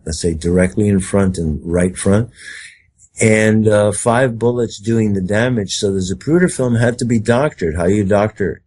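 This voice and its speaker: A man's voice: lowish voice, a little mellow. A man interviewed as a guest, talking at length in an emphatic, rambling way and acting out quoted speech. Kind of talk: conspiracy talk interview.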